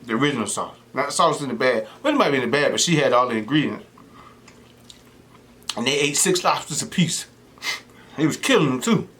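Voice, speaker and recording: Animated man chatting while he eats. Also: mid-range voice, a little fast, long pauses, a little hiss or hum. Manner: animated storytelling, mimics voices of people he quotes. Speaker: mukbang host. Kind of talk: casual chat while eating.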